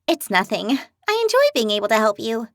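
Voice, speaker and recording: A woman's voice: on the high side, sing-song, brisk, no echo, clean studio sound. A woman voicing a blunt, quarrelsome but brave young woman healer in a fantasy audiobook. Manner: blunt, spirited.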